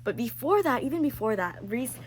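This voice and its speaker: Gushing young woman, high-pitched. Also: a little fast, a little hiss or hum. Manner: gushing, excitable, heavy use of "like". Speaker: book vlogger. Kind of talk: casual chat recapping a book.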